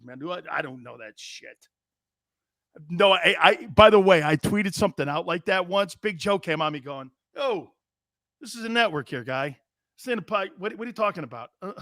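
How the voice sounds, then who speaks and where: A middle-aged man hosts a sports talk show in a rambling, animated, profane way. His voice sits a bit high for a man. The sound is close and dry. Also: no room sound. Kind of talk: casual sports talk banter.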